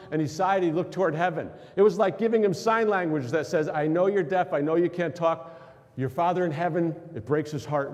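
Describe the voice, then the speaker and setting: A man's voice: on the high side, a little mellow. A man preaching a sermon as pastor, asking questions of the congregation and acting out quotes. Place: church sanctuary. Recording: long hall reverb.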